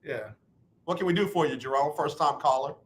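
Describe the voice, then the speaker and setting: A man hosting a sports talk radio show, teasing callers and trash-talking loudly. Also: a little high, a little fast.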